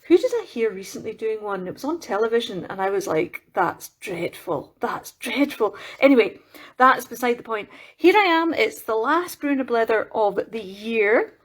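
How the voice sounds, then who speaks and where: A woman with a slightly high voice chats her way through a home craft livestream. She rambles warmly from one thought to the next, full of fillers and quick self-corrections. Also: lively intonation. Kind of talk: casual live-stream chat while crafting.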